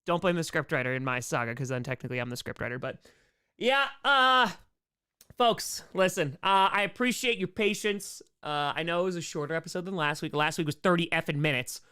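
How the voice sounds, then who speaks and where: A man runs a casual livestream Q&A, excitable and playful, shouting out donors' names and thanking them with little sound effects. His voice is smooth, a little high and a little fast.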